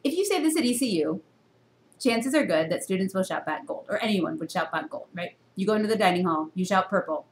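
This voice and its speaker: Expressive woman teaching a reading class. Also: a little fast. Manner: teacherly, full of rhetorical questions; expressive jumps in pitch for emphasis. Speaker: university reading instructor. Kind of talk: recorded classroom lecture. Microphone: camera.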